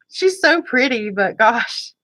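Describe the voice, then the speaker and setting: Woman vlogger, bright higher voice, chatty and apologetic, dry close mic. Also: sing-song, very slow, dry recording. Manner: chatty, rambling, often apologetic. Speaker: beauty vlogger. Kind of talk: casual chat.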